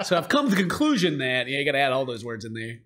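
A man's voice: medium pitch, rapid-fire. A man hosting a casual meme reaction show, laughing often and joking around. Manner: laughs often, jokey, animated. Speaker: YouTube host reacting to memes. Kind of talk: casual comedic commentary.

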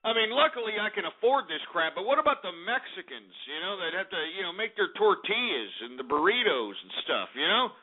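Profane, ranting talk radio host. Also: male voice, sits high, big pitch swings, fairly quick, hardly any pauses. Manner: abrasive, profane, sarcastic. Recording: tinny phone-like lo-fi audio.

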